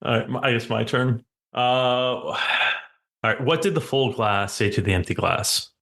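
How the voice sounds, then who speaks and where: A man's voice: medium pitch, normal speed, a bit bright. A man hosting a podcast, running a casual dad-joke segment with many "all right"s and easy laughter. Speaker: podcast host.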